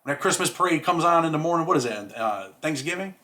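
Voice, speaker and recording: A man's voice: a little high, animated, fast, bright, forceful tone. A man hosting a casual monologue, talking in streetwise slang and saying "man" often. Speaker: host.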